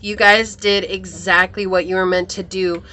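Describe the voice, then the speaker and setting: A woman's voice: mid-range voice, little pitch movement, moderate pace, sharp tone. Chatty woman giving a tarot reading. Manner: chatty, upbeat, addresses viewers as you guys. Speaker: tarot reader. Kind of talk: pick-a-card tarot reading.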